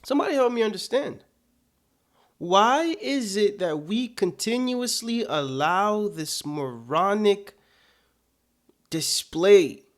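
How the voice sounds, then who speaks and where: A man's voice: sits high, lively intonation, slow pace. A man giving casual political commentary, indignant and full of rhetorical questions.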